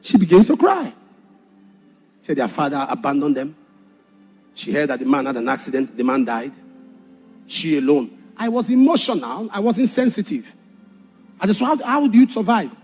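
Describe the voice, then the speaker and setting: A man preaching a sermon with passion, swinging from shouted warnings to hushed storytelling. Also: a little high, very animated, normal speed, long pauses, slightly rough, faint music behind.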